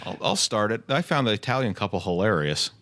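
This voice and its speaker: A man in a casual chat, speaking in a hesitant, halting way. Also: lowish voice, lively intonation, fairly bright tone. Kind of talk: casual chat, movie discussion.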